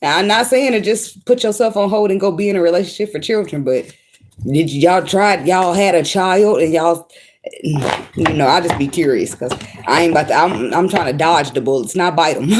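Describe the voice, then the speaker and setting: A woman's voice: lowish voice, normal speed, slight background noise. A woman tarot reader giving casual spiritual advice in a blunt, slangy, profane monologue, often breaking into laughter.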